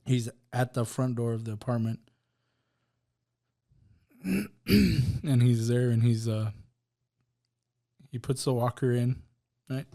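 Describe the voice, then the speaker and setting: A man tells a raw personal story as a podcast guest and voices each person's words as he goes. His voice is mellow and dark, at a middle pitch. He speaks with heavy emotion throughout. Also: slow, pauses often. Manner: emotional storytelling, acts out dialogue. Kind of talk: personal testimony.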